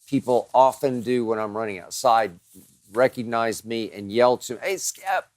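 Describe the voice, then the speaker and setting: A man's voice: mid-range voice, fairly even intonation, normal speed, darkish tone, no echo. A man hosting a show, answering listener questions in a dramatic, emphatic monologue that piles up strong words.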